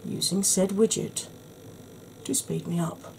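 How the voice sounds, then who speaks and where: Soft-spoken woman, slightly husky. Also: medium pitch, slow, slight background noise. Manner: chatty, explanatory, soft-spoken. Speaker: makeup tutorial host. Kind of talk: soft-spoken ASMR makeup tutorial.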